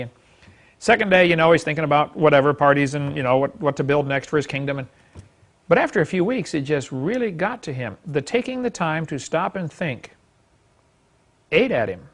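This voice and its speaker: A man's voice: fairly high pitch, expressive, fairly quick, fairly bright tone. A man teaching a Bible class to a live audience, folksy and emphatic, chuckling as he acts out quoted speech.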